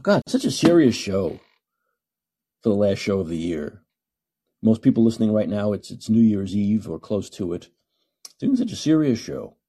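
A man's voice: on the low side, very animated, normal speed, pauses often, mellow, slightly rough. A middle-aged man hosting a solo podcast, ranting in a combative, sarcastic way. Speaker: podcast host. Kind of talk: solo call-in podcast commentary.

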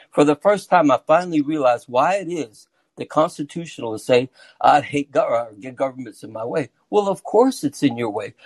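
A man's voice: on the high side, a little mellow, slightly rough, dry recording. Caller, male, phone line, rambling, stumbling delivery, dry sound. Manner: rambling, repeats words while building an argument. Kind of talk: casual call-in discussion. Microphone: phone through a call-in app.

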